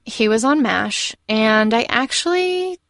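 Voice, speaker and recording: A young woman chats casually as a podcast co-host, with a gravelly, creaky edge to her voice. She restarts her sentences often and keeps things lively. The sound is dry and close. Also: fairly high pitch, takes it slowly, dry recording. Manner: chatty, with restarts and fillers. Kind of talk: casual film discussion chat.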